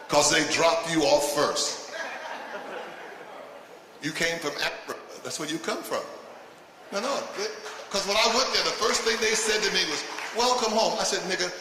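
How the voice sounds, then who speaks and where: A stand-up comedian with a slightly high voice works a live audience, punchy and laughing through his own lines as he needles the crowd. He's a little slow, pausing often, caught on a distant mic in an echoey hall full of audience noise.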